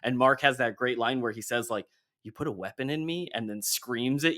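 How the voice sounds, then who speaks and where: A podcast host with a medium-pitched voice speaks at normal speed, casually retelling a comic issue scene by scene. He's animated, briefly acting out the characters' lines in passing.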